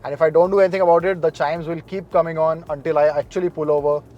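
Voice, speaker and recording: A man talks through a car review, calm and informative. His voice sits a little on the high side, and soft music plays underneath. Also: muffled recording. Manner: measured, informative, matter-of-fact.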